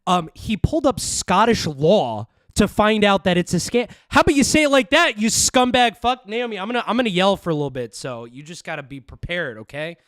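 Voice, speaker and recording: A man's voice: high voice, lively intonation, a little fast, few pauses, fairly bright tone, dry recording, studio quality. A man hosting a reaction video, ranting with heated profanity and mocking the clips he plays. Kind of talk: profane angry rant.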